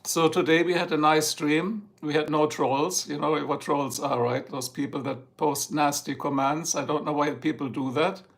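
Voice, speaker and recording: A man with a heavy German accent speaks in a rather high voice with a gravelly rasp, and German is his native language. He rambles along in casual, joking livestream chat from home. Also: fairly even intonation, normal speed, hardly any pauses. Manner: chatty, rambling, jokey. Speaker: livestream host. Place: home, Ohio.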